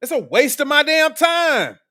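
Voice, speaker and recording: A man's voice: very high voice, big pitch swings, measured pace, sharp tone. A man hosting a live political commentary stream, talking in a blunt, profane, combative way. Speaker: streamer host.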